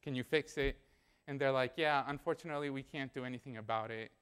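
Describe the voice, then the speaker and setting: A man's voice: mid-range voice, fast, fairly bright tone, smooth. A young man preaching a sermon in a church, telling a personal story in a conversational way and acting out the dialogue.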